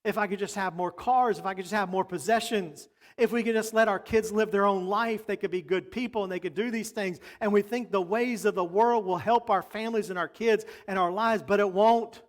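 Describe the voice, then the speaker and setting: A man's voice: high-pitched, steady tone, fairly quick, few pauses. A man preaching a sermon as pastor, talking emphatically and repeating his points.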